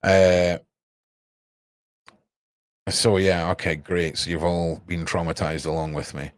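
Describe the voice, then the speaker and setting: A man's voice: low voice, flat delivery, takes it slowly, no room sound. A young man hosting a livestream, rambling casually and talking straight to his chat viewers. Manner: rambling, cryptic, chats to viewers. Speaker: livestream host.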